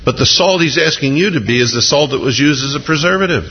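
A man preaching a sermon as pastor, animated and jumping into excited voices when he acts out quotes. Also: on the high side, fast, husky, in a large hall, muffled recording.

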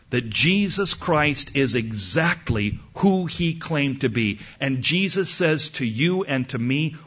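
A man's voice: mid-range voice, a bit bright, slightly rough, highs cut off. A man preaching a sermon to a crowd in an outdoor amphitheater, emphatic and building, often acting out doubtful listeners' replies.

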